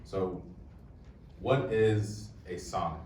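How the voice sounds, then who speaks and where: A young man with a deep voice gives a casual, joking talk to an audience. He is picked up from a distance in an echoey room. A faint room hum sits underneath. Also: fairly even intonation, extremely slow, darkish tone. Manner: casual, joking, addresses the crowd. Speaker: poet and presenter. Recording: echoey room, voice heard from far off.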